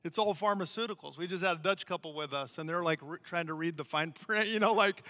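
Animated American man preaching in a hall. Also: a little high, quick pace, hardly any pauses. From United States. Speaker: missionary preacher. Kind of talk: sermon.

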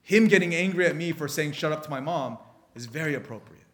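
Animated, slightly high-voiced male preacher. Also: fast talker. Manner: animated storytelling with frequent restarts. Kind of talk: sermon.

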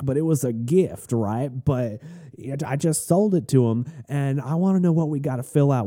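A man's voice: a little high, dark tone, voice pushed up, lightly acted. A man putting on the voice of a rambling Southern man with a thick Southern accent who confusedly explains a truck sale.

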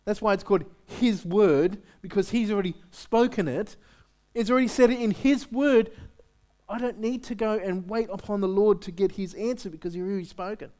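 A male pastor giving a sermon in a conversational, animated way, with lots of rhetorical questions. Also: sits high, moderate pace.

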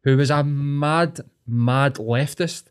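A man's voice: a little high, takes it slowly, clear, resonant tone. Blunt, sweary Scottish man. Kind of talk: casual chat.

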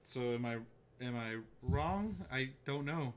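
A man's voice: mid-range voice, animated, unhurried, slight background noise. A man hosting a casual podcast, joking through a mock ad read and rambling chat. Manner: jokey, rambling, mock ad reads. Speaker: podcast host. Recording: remote call, own mic.

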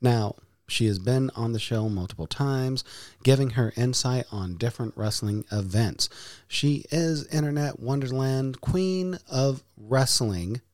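A man's voice: medium pitch, darkish tone, no room sound, studio quality. A man hosting a casual podcast, playful, with hammy announcer-style flourishes. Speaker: podcast host.

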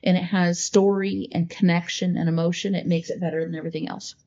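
A woman's voice: on the low side, level tone, fast talker, mellow, highs cut off. A woman co-hosting a podcast in casual chat, talking in an earnest, heartfelt way with many fillers. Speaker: podcast co-host.

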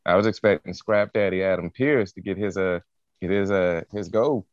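A man in a casual chat, relaxed and halting as he gives his take. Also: low voice, dry recording. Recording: dry, dull lo-fi audio.

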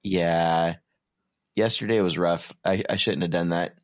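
A man's voice: deep voice, steady tone, unhurried, dry recording, clean studio sound. A man in his twenties co-hosting a podcast, chatting casually and rambling with lots of fillers, sounding tired. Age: 20s. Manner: rambling, self-deprecating, many fillers. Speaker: podcast co-host. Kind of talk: casual chat.

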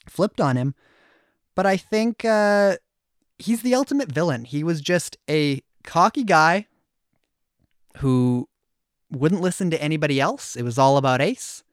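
A man's voice: a little high, no room sound, studio quality. A man co-hosting a podcast, talking casually and laughing easily, often restarting his sentences. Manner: chatty, laughs easily, frequent restarts and fillers. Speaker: podcast co-host. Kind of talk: casual chat.

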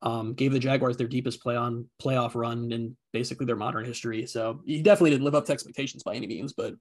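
Man, husky voice, rapid delivery, casual sports chat, stumbling restarts. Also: mid-range voice, fairly even intonation. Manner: quick, stumbling restarts, argumentative. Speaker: sports podcast co-host.

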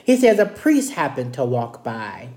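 A man's voice: medium pitch, huge pitch swings, unhurried, darkish tone, roomy sound. A man leading a casual Bible study, retelling scripture in a chatty, playful way. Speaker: Bible teacher.

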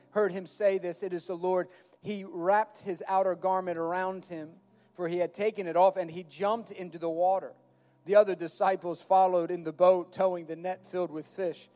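High-voiced pastor preaching in a hall. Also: male voice, darkish tone. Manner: earnest, dramatizes Bible dialogue with rising intensity. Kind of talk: sermon.

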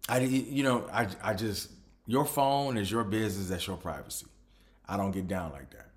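A man's voice: on the low side, normal speed. A man hosting a podcast, telling a personal story casually with frequent restarts. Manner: restarts often, animated retelling. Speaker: podcast host.

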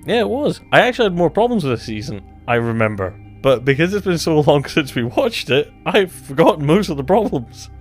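A man's voice: a little high, sing-song, brisk, hardly any pauses, soft background music. A man co-hosting a casual podcast chat about a TV series, rambling and self-deprecating, often restarting his sentences. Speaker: podcast co-host.

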